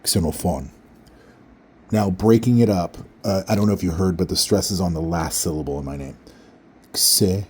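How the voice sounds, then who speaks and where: A man casually explaining how to pronounce his name, leaning in to the microphone and enunciating slowly and carefully. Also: low voice, steady tone, a little mellow, a little hiss or hum. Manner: enunciates carefully, repeats words slowly syllable by syllable. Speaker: vlogger teaching name pronunciation. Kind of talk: casual explanatory talk to camera. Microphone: leans in toward microphone.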